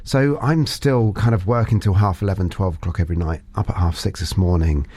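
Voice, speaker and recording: A well-spoken man hosting a casual interview podcast, talking in an animated way. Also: low-pitched, a little fast, husky. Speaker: podcast host.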